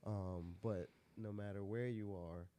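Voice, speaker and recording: A man co-hosting a casual podcast discussion, speaking in a measured, hesitant way with fillers. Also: lowish voice, fairly even intonation, dark tone. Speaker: podcast co-host.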